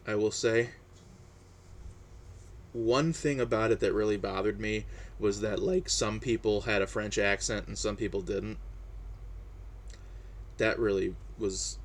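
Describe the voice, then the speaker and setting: Low creaky-voiced man rambling casually. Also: a little hiss or hum. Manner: hesitant, many fillers and restarts; relaxed, chatty. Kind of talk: casual personal monologue.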